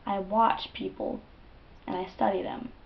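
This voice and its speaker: A young woman quoting a calm, faceless male creature in a quiet, even voice while retelling a dream. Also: mid-range voice, a little slow, gravelly, lo-fi sound, slight background noise.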